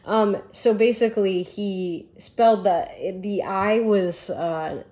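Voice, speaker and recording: A woman's voice: mid-range voice, takes it slowly, mellow. A woman from Michigan co-hosting a casual political podcast, telling stories bluntly with swearing and laughter. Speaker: podcast co-host.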